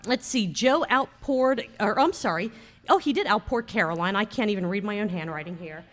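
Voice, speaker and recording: A woman co-hosting a relaxed podcast, recorded live at a bar. She is chatty and teasing, with frequent laughter. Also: mid-range voice, a little fast. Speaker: podcast co-host. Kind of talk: casual chat.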